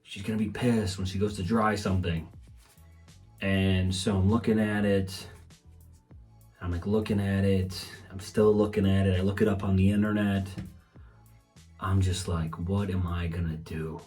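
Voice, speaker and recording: Low-voiced man joking through a podcast rant. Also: flat delivery, normal speed, pauses often, darkish tone, faint music behind. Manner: swears a lot, acts out quotes in raised mocking voices. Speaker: comedian podcast host. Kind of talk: rambling comedic monologue.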